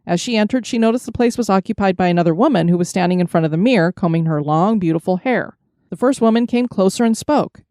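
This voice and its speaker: Female podcast storyteller, mellow and dry, measured reading of spooky tales. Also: medium pitch, dry recording. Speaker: podcast host. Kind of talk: storytelling narration.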